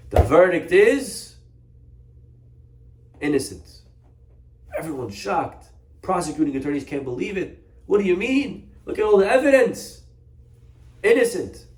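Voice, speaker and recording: A man giving a sermon, telling a parable and acting out the characters' voices in an animated way. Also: mid-range voice, reverberant. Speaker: rabbi giving a Torah talk.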